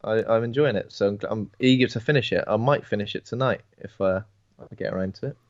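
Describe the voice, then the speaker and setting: A man's voice: lowish voice, fast, no echo, muffled recording. A man co-hosting a podcast, rambling and jokey as he chats. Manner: rambling, jokey, restarts a lot. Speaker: podcast co-host. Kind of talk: casual chat.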